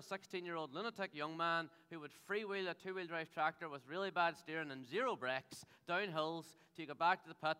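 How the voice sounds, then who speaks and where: Male pastor in his thirties, jokey rambling sermon, crisp bright voice, theatre hall reverb. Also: fairly high pitch, a little fast, hardly any pauses. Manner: humorous, rambling storyteller.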